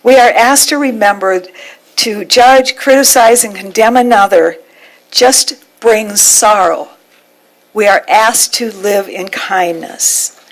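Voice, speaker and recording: A woman minister giving a sermon, telling a heartfelt story with measured pauses. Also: mid-range voice, low-quality recording.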